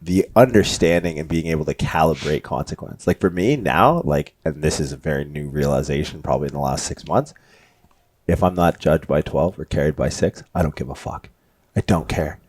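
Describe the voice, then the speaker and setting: Man with a very deep voice, blunt co-host with punchy statements, dry close mic. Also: a little fast, a little mellow, no echo. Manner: blunt, punchy, swears casually. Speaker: podcast co-host. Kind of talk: casual podcast conversation.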